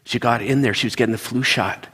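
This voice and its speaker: A middle-aged man preaching, telling stories in a halting, earnest way and repeating words as he searches for them. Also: mid-range voice, steady tone, sharp tone, breathy edge. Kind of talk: sermon storytelling. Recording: long reverb in a large hall.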